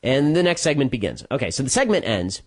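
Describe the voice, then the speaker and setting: Sarcastic man with a lively voice. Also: mid-range voice. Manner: sarcastic, mocking asides; quick storytelling with repeated restarts. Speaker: political commentator. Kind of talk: solo commentary monologue.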